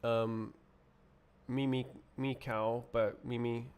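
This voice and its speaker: A man talks slowly and half to himself while he codes on a live stream, stopping and starting as he puzzles over things. His voice sits at an ordinary middle pitch, and keys clatter behind him. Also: little pitch movement, a little mellow, clean tone. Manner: muttering to himself while typing, puzzled and halting. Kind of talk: casual livestream coding chat.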